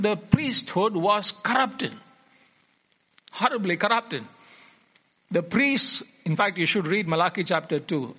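A man's voice: sits high, pushed and bright. A man preaching a sermon, reading scripture aloud and repeating key phrases for emphasis.

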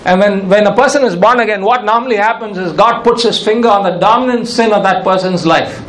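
A man's voice: high-pitched, fairly quick, a bit bright, roomy sound, rough recording. A male pastor preaching a sermon, emphatic and repeating his key phrases.

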